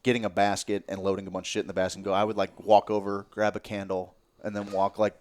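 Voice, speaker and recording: A man telling a story as a podcast guest in casual, animated talk, swearing freely and sometimes dropping to a near-whisper. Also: fairly low pitch, quick pace.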